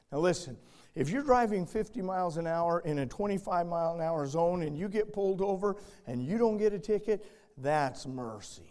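A man preaching a sermon, moving from quiet storytelling to shouted emphasis. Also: high-pitched, lively intonation, normal speed.

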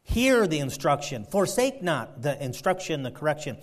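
A man preaching a sermon, fervent, swinging between loud emphasis and quiet asides. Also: on the high side, very animated, moderate pace. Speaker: pastor.

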